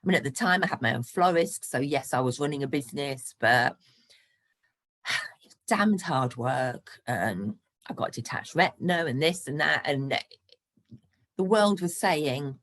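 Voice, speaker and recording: Low-voiced, chatty woman in her sixties. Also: animated, measured pace, pauses often, fairly bright tone. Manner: chatty and frank, laughing between points. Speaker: guest, property investor. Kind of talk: casual podcast interview.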